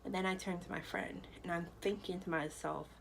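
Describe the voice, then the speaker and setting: A woman's voice: on the low side, fairly even intonation, fairly quick, gravelly, a little hiss or hum, low-quality recording. A young woman telling a personal story to camera in a loose, chatty way, full of fillers. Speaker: vlogger.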